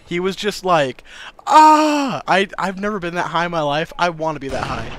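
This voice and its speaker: Young man telling a story, lively and loud. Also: fairly high pitch, a little fast, dry recording. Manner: animated, acts out voices, laughs often, swears casually. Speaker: vlogger. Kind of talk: casual storytelling to camera.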